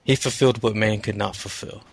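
A low-voiced man with a gravelly, creaky edge talks earnestly about faith. He speaks haltingly and sounds a little far off. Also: fairly even intonation. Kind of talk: casual faith discussion.

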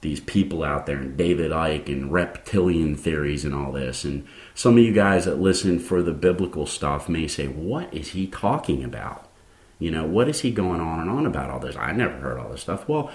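A man's voice: very deep voice, roomy sound. A man hosting a Christian podcast, preaching in an earnest, rambling way with many restarts and fillers.

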